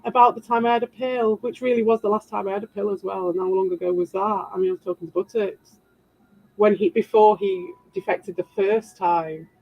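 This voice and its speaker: A woman's voice: medium pitch, fairly even intonation, brisk, vocal fry. A British woman livestreaming and answering her chat, rambling defensively and tossing in sarcastic asides. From Britain. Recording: dull lo-fi sound.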